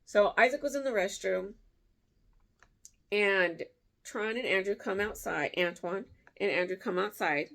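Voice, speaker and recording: A woman vlogger telling a story in a casual way, animated, laughing often and jumping her voice up to act out what people said. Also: measured pace, gravelly, pauses often. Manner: animated, acts out quotes with big pitch jumps.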